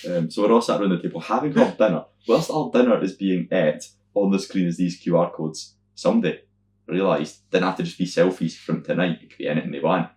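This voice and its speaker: Scottish man, young adult, podcast co-host, deep voice, animated storyteller, echoey room. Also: quick pace. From Scotland. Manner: animated storyteller, acts out other people's lines in loud high voices, swears freely. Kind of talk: casual chat, storytelling.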